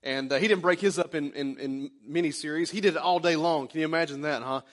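A pastor in his forties with a drawl delivers a sermon like a casual chat, slipping into little acted-out asides. His voice sits a touch high for a man. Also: fast. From Oklahoma. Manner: folksy, conversational preaching with acted-out asides.

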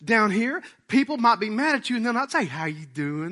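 A male pastor preaching a sermon in a church, folksy and animated, asking the congregation questions. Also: sits high, fairly quick.

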